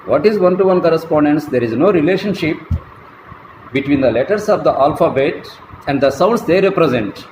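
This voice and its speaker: Male lecturer, slow and deliberate, higher voice, roomy echo, faint traffic. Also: lively intonation, a little mellow. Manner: slow, deliberate, spells words out letter by letter. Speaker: college English lecturer. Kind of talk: classroom lecture. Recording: echoey room, faint traffic noise.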